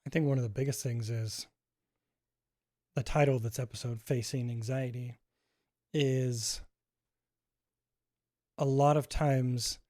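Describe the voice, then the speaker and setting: A mellow-voiced man co-hosting a podcast, thinking aloud in a reflective, halting way. The recording is close and dry, with no room sound. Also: mid-range voice, no room sound. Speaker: podcast co-host. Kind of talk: casual podcast chat.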